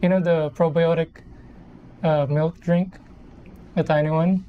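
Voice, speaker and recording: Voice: medium pitch, steady tone, a little slow, dull audio, slight background noise. A person in their thirties from the Philippines, chatting casually on a live stream in a rambling, self-correcting way. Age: 30s. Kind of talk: casual live-stream chat while building a model kit.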